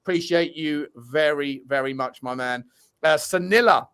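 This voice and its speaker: A man's voice: a little high, moderate pace, clean tone. A man hosting a casual fan podcast, cheerfully reading out and thanking super chat donors. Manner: upbeat, shouting out donors, chatty with restarts. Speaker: host reading super chats.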